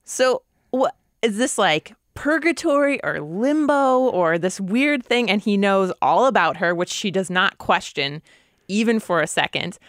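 A woman co-hosting a podcast, recapping a TV episode in casual, animated chat. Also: medium pitch, unhurried, no echo, clean studio sound. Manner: animated, amused storytelling. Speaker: podcast co-host.

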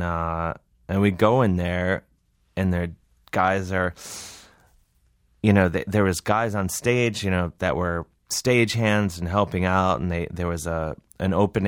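Low-voiced comedian guy rambling thru a story, laughing at himself, dry mic. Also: no echo. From Cleveland. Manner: rambling, self-deprecating, acts out voices in quotes. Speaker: comedian guest. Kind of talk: casual storytelling interview.

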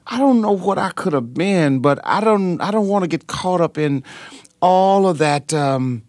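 An older man, a pastor, speaks with fervent preacher-like feeling. His pitch swings widely and he talks slowly, searching with many fillers. The sound is dry and close. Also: animated, darkish tone, no echo. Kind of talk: emotional interview storytelling.

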